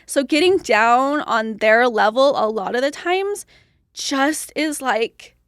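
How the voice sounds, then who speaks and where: A woman's voice: sits high, expressive, takes it slowly, dry recording, clean studio sound. A young woman talking casually as a podcast guest, chatty and full of "like" fillers. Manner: chatty, heavy use of "like". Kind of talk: casual conversation.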